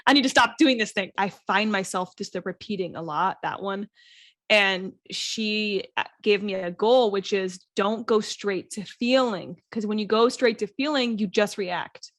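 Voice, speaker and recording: A woman co-hosting a casual podcast conversation, talking openly about her own habits and laughing at herself along the way. Her voice sits at an ordinary pitch and sounds close and dry, with no room around it. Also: measured pace, no room sound. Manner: candid, self-deprecating, laughs often. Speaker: podcast co-host.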